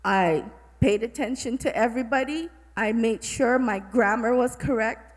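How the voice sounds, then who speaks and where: A woman's voice: on the high side, normal speed. Fields: Woman, heartfelt teacher, echoing hall. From Guam. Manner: heartfelt, apologetic. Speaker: middle school teacher. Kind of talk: audience remarks at a symposium. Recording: long hall reverb.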